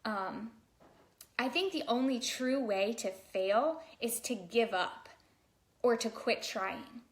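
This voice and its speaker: A woman vlogger and daycare provider giving a casual motivational talk to camera, chatty and full of "like", speaking straight to her viewers. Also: a little high. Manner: chatty, fillers like "like", addresses viewers directly.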